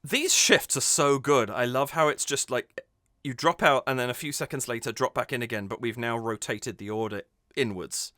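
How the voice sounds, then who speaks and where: A man's voice: medium pitch, normal speed, pushed and bright, no echo. A man hosting a music reaction channel, analysing a cover with enthusiasm and thinking aloud as he goes.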